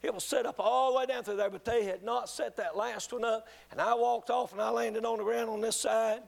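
A man preaching a sermon, telling a testimony in an earnest, halting way with many restarts. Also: very high voice, steady tone, creaky. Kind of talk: sermon storytelling.

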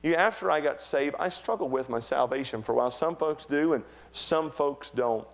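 A middle-aged man preaching a sermon, animated and humorous, with acted-out quotes. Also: on the high side, moderate pace, creaky. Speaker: pastor.

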